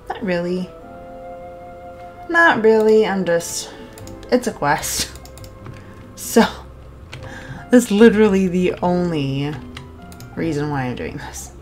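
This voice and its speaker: Brief: female gaming host, unhurried, bubbly and giggly, casual let's-play chat, faint music under the voice. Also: fairly low pitch. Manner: bubbly, giggly, easily excited.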